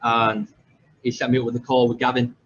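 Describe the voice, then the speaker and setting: Sing-song and a little fast, this young English podcast host's mid-range voice is creaky yet fairly bright. He rambles through a casual personal story, self-deprecating and full of fillers and restarts. The audio is slightly dull lo-fi, with faint background noise.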